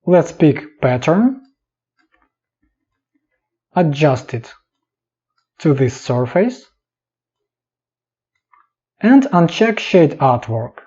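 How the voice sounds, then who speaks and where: Slowly and calmly, a man walks through a software tutorial one short, clipped step at a time. His dark, faintly husky voice varies widely in pitch, and the lo-fi voice-over has a dull sound.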